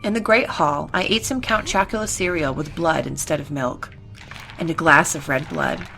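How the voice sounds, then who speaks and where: A young woman reading fan fiction aloud for laughs, with animated, giggly narration. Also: low-pitched, normal speed, creaky. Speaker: reader. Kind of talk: comedic fanfiction reading.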